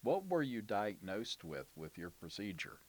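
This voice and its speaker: A man's voice: on the low side, very animated, unhurried, no room sound. A man interviewing a patient, asking questions and encouraging her answers. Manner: encouraging, with frequent backchannels. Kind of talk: casual interview.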